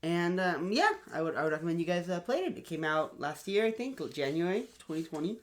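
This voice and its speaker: A man co-hosting a casual podcast, upbeat and animated, with a lot of fillers. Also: a little high, brisk. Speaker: podcast co-host. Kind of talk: casual chat.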